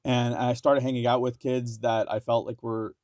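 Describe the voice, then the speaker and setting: A young man from India, a podcast guest telling his story in halting casual talk, full of fillers, restarts and swearing. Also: mid-range voice, level tone, a little mellow, no room sound, clean studio sound.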